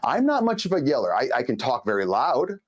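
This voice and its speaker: A man hosting a live show, talking straight to his viewers in a chatty, emphatic way. His pitch sits in the middle for a man. He leans on words for emphasis and keeps an easy, talkative flow. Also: big pitch swings, brisk. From Los Angeles. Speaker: host.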